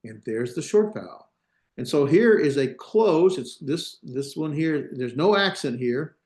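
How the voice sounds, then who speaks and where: A man's voice: fairly high pitch, expressive, a little slow, darkish tone. A male teacher giving a classroom lecture on grammar, thinking aloud, hesitating and correcting himself as he goes. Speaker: Hebrew teacher.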